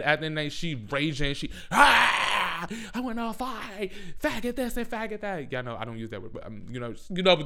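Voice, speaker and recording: A man's voice: a little high, smooth. Sassy, foul-mouthed man ranting. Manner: sassy, profane, animated, slangy. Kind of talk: casual rant.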